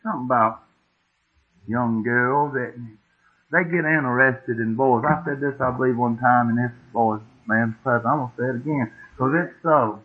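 A middle-aged man preaches in a folksy, homespun way, turning to the congregation with questions. His pitch sits in an ordinary middle range. The recording is thin and tinny, like an old tape heard down a phone line. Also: normal speed, slightly rough. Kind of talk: sermon storytelling.

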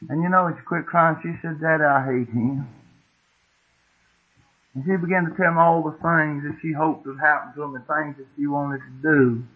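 A man's voice: a little high, steady tone, normal speed, husky. A middle-aged man, preaching a sermon as a folksy, homespun story, often asking the congregation questions. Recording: tinny phone-like old tape.

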